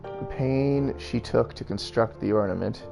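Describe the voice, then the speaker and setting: A man's voice: mid-range voice, measured pace, creaky, over music. A man reading a novel aloud on a stream, mixing plain narration with wry side comments.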